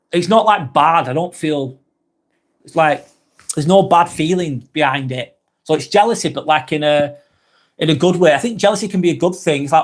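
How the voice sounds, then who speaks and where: A man's voice: a little high, expressive, moderate pace, a bit bright. A British man hosting a live vlog, chatting casually and reading out viewer comments, rambling onto tangents and swearing freely. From Britain.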